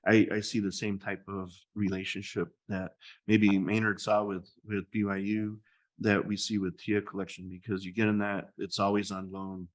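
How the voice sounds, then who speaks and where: A man speaking as a guest in a relaxed interview, with a fairly low voice. He talks haltingly, stumbles and repeats words, and laughs easily as he chats. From United States. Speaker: gallery owner, guest. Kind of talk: casual interview chat.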